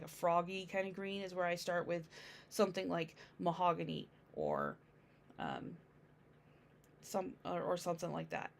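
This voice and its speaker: A woman streaming a casual painting tutorial, chatting with her audience and thinking aloud as she works. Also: medium pitch.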